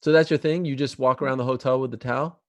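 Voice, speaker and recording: Male host, quick and teasing, dry close voice. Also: medium pitch, steady tone, a little mellow, dry recording. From Canada. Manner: teasing, playfully quizzing his guest. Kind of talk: casual chat.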